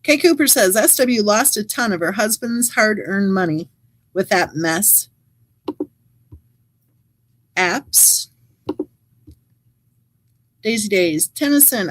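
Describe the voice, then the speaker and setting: A woman's voice: mid-range voice, expressive, slow, pauses often, dry recording, poor audio. A woman hosting a true crime channel, reading live chat comments aloud and adding wry, chatty asides.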